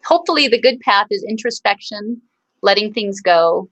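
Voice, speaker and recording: A woman's voice: mid-range voice, lively intonation, moderate pace, a little hiss or hum, low-quality recording. A woman hosting a video call, speaking in an earnest, reflective, motivational way. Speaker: host. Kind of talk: casual video call chat.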